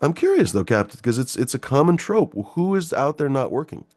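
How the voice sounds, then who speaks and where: A man's voice: mid-range voice, very animated, brisk, darkish tone, no echo, clean studio sound. Profane, rambling male talk host. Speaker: call-in show host. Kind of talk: casual political rant.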